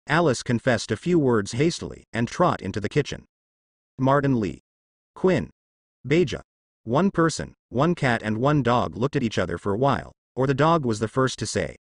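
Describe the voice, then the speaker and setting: Animated male audiobook narrator. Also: mid-range voice, moderate pace, dry recording, studio quality.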